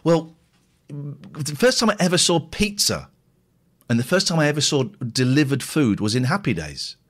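A man's voice: a little high, sing-song, moderate pace. A middle-aged man from England hosting a radio show, chatting casually in a rambling, jokey way. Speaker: radio host reading listener messages. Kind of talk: casual chat.

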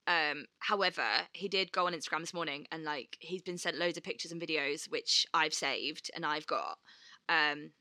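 A woman's voice: low voice, moderate pace, bright, forceful tone, dry recording. A woman co-hosting a podcast, telling stories animatedly and swearing freely as she acts out quotes. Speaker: podcast co-host. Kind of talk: casual chat.

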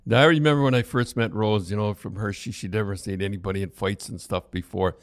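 A man's voice: on the low side, quick pace, no echo. Older man, casual reminiscing, rambling false starts, dry. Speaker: former hockey player telling stories.

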